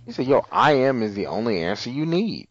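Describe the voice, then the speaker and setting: A man tells a TV episode's story in casual podcast chat, acting out the characters' lines. His pitch swings widely as he talks. The sound is dry and a bit dull and lo-fi. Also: a little fast, no echo. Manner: animated storytelling, acting out quotes, swearing. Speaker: podcast co-host.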